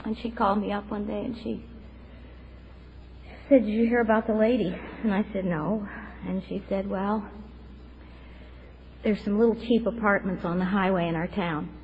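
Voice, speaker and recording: A woman's voice: mid-range voice, fairly even intonation, normal speed, pauses often. A woman in her fifties telling her recovery story in an earnest, reflective way, tearful at times. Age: 50s. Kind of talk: personal testimony at a recovery meeting. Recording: dull lo-fi recording with faint noise.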